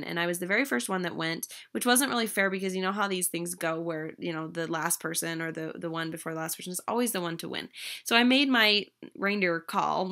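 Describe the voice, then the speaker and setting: A young woman recounts a personal story straight to the camera in an easy, chatty way, full of ums and little restarts. Her voice sits a bit low but sounds bright and clear, and she throws herself into the lines she quotes. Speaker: vlogger.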